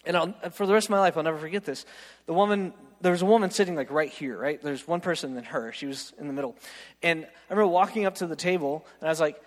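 Male preacher with a high voice, lively self-mocking anecdotes, echoing through a big church hall. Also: fast talker. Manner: animated, self-mocking storyteller, keeps asking "right?". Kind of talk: storytelling sermon. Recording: long reverb of a large hall.

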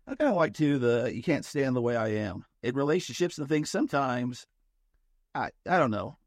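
A man's voice: mid-range voice, very animated, moderate pace, no room sound, studio quality. A man co-hosting a podcast in casual chat, rambling and thinking aloud with many restarts. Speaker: podcast co-host.

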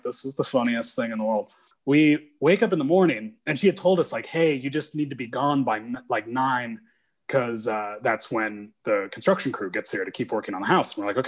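Chatty young man telling a story. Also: mid-range voice. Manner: animated storyteller, many "like" fillers. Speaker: guest musician. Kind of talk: casual storytelling interview.

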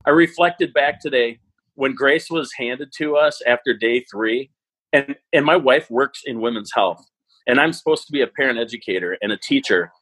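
Husky-voiced man telling parenting stories. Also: medium pitch, moderate pace, low-quality recording. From Wisconsin, US. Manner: animated, self-deprecating, acts out quoted thoughts. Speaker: parenting educator and guest. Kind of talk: conversational interview storytelling.

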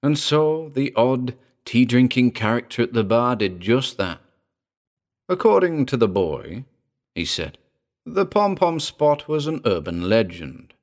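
A man narrating a scripted spooky tale in a measured, wry, theatrical way. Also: medium pitch.

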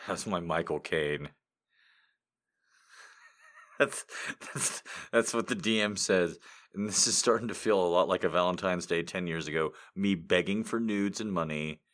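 A man chatting casually and rambling to his audience, joking, swearing and laughing a lot, and saying he is high. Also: a little slow, long pauses, fairly bright tone. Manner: joking, profane, laughs often. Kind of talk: rambling casual chat with impressions.

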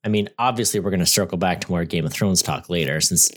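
A man's voice: low-pitched, quick pace. A man co-hosting a casual movie podcast, bantering in an easygoing, playful way. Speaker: podcast co-host.

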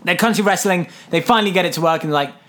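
A man's voice: high voice, very fast, fairly bright tone. A man casually recapping a film on a podcast, playful and rambling, often breaking into silly character voices. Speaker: podcast co-host.

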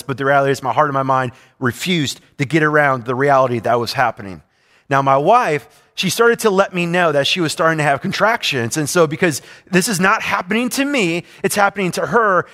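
A man's voice: fairly high pitch, a bit bright. A man preaching a sermon, telling a personal story in an earnest, confessional way and often repeating himself. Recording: long hall reverb.

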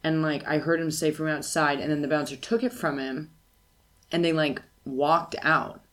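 A woman's voice: low voice, normal speed, a bit bright. Blunt, teasing woman comedian. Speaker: stand-up comedian. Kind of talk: casual podcast chat.

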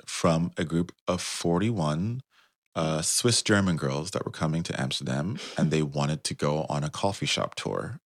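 A man with a very low voice tells a lively story as an interview guest. He laughs often. The sound is dry and close to the mic. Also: unhurried, dry recording. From United States. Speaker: guest, tour company founder.

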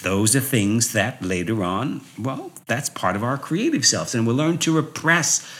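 A man's voice: medium pitch, sing-song, a little slow, fairly bright tone. A man from New York giving a personal motivational talk, chuckling often and repeating phrases for emphasis. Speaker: speaker.

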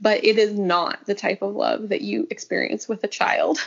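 A woman's voice: medium pitch, sing-song, normal speed, creaky. A young woman telling her story as a guest in a casual interview, talking with lots of fillers. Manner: chatty storytelling, many fillers. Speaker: podcast guest. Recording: slightly dull lo-fi audio.

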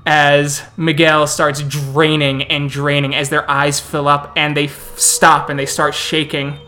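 A man's voice: on the high side, flat delivery, measured pace, sharp tone. A man serving as storyteller, narrating a tabletop role-playing game in a flowing, descriptive way.

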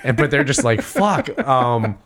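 Two or three friends chatting casually, and one young man does most of the talking. He has a New York accent and tells his stories in an animated way. He laughs often, swears freely, and his pitch sits in an ordinary middle range. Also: normal speed. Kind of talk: casual chat.

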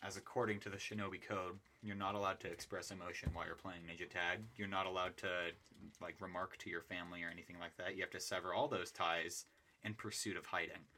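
A young man co-hosting a podcast, chatting casually with deadpan jokes and frequent laughter. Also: deep voice, quick pace, slight background noise. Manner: joking, deadpan asides, laughs often. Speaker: podcast co-host. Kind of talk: casual chat.

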